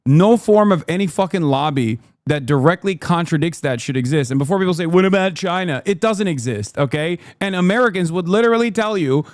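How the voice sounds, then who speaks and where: A man's voice: on the high side, animated, fairly quick, hardly any pauses, dry recording, studio quality. A man giving casual livestream commentary on a debate clip, sarcastic and heated, swearing and laughing often. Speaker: streamer reacting to a debate clip.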